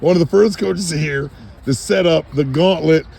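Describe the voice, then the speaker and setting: Playful, gravelly-voiced man interviewing outdoors. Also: on the high side, normal speed, mellow. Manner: playful, teasing, hype. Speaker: sideline interviewer. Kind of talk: casual sideline interview. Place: outdoor football practice field.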